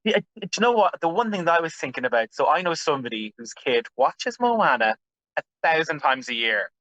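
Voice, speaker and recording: A man's voice: fairly high pitch, sing-song, brisk, sharp tone, dry recording, dull audio. A man interviewing an actress, chatty and effusive, with frequent exclamations. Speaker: entertainment interviewer. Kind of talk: press interview.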